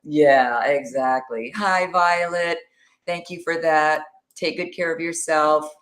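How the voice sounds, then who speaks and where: A woman's voice: low voice, fairly even intonation, takes it slowly, a bit bright. A woman co-hosting a live social media show, chatting casually, greeting viewers by name and laughing often. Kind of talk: casual live-stream chat reading viewer comments.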